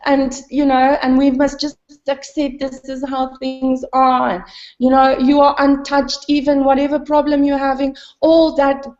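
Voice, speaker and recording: A woman's voice: level tone, measured pace, a little mellow. A woman speaking candidly in a spiritual conversation, rambling with many fillers and laughing at herself. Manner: self-deprecating, laughs often. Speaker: satsang participant. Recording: dull, roomy, low-fidelity.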